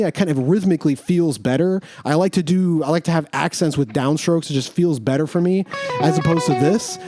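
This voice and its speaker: A man teaching guitar in a casual way, thinking aloud as he goes and restarting phrases, with guitar playing in the background. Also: fairly high pitch. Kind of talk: casual instructional explanation.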